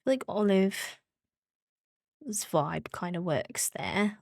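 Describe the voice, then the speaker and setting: A woman's voice: medium pitch, takes it slowly, creaky, darkish tone, no echo, clean studio sound. A woman streaming a game, chatting casually and giggling as she talks to her viewers. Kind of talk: casual live-stream chat while gaming.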